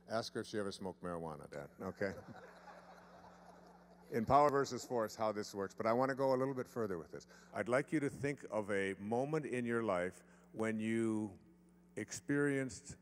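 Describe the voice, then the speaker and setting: Deep-voiced man leading a seminar demonstration. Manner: playful, teasing, drawn-out emphasis. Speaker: seminar speaker. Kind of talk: live seminar talk with a demonstration. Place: seminar room with live audience. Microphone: handheld mic held by a volunteer.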